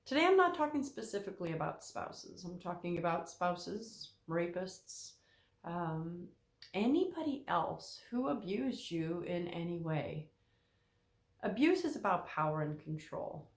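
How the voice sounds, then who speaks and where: An emphatic woman therapist talks straight to her audience. Her pitch rises and falls a great deal as she drives her points home and repeats them for weight. The sound has a noticeable room echo. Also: big pitch swings, a little slow. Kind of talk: direct-to-camera talk.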